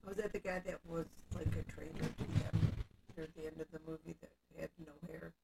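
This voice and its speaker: A woman's voice: low-pitched, steady tone, brisk, creaky, warm tone, rough recording. A woman co-hosting a podcast, chiming in with short, dry quips in casual chat. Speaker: podcast co-host.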